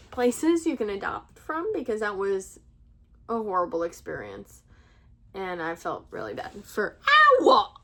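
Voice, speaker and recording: A woman's voice: medium pitch, fairly bright tone. A young woman vlogging at home, telling a rambling story to camera, full of fillers and restarts. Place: at home with pet rabbits.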